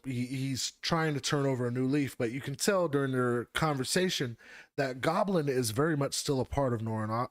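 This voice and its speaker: A man co-hosting a podcast, casually recapping a comic book storyline in animated, profanity-laced storytelling. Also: mid-range voice, no room sound, clean studio sound. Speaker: podcast co-host.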